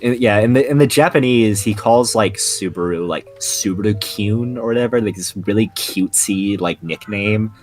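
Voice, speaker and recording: Young male podcast co-host, lowish voice, loose rambling delivery full of restarts, faint music under him. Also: normal speed, hardly any pauses. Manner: rambling, many restarts and "like" fillers. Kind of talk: casual anime podcast chat.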